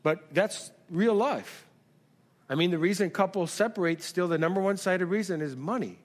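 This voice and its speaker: A middle-aged man preaching a sermon as pastor, calling out questions to the congregation and building to shouts. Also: high-pitched, moderate pace. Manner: call-and-response preaching, rises to shouts. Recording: long hall reverb.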